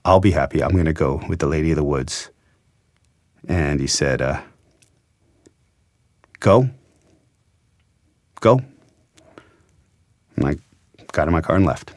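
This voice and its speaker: A man's voice: extremely low pitch, fairly even intonation, fairly quick, pauses often, darkish tone, dry recording. A man, a journalist, earnestly retelling an emotional story in a reflective interview.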